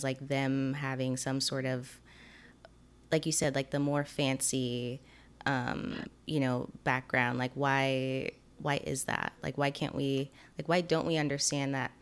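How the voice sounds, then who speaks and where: Woman, podcast host, very low pitch, thoughtful, questioning. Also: smooth. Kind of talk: casual interview chat.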